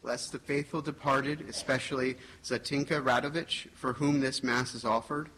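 A man's voice: mid-range voice, normal speed, slightly rough, poor audio. Man reading intercessions in church. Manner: steady, formal reading. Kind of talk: reading prayers of the faithful.

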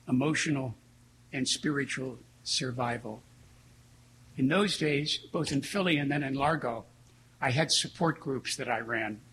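A man preaching a sermon as a priest, telling stories in an earnest, reflective way with slow pauses. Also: on the high side, a bit bright, slight background noise, low-quality recording.

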